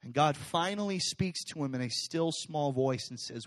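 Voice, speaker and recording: High-voiced man preaching a lively sermon. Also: moderate pace. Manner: animated storytelling preacher, swinging from loud and intense to hushed and soft; casual, conversational phrasing with fillers. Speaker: pastor. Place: church sanctuary.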